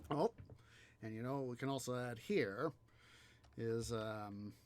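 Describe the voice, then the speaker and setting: A man's voice: mid-range voice, a little slow. A man hosting a city-building game video, musing aloud in rambling casual commentary full of fillers. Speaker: let's play host.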